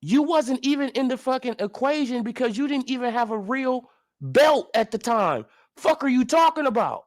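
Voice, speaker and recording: Profane, animated man ranting about boxing. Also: very high voice, moderate pace. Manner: profane, incredulous, heated rhetorical questions. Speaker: boxing commentary vlogger. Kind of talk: ranting sports commentary.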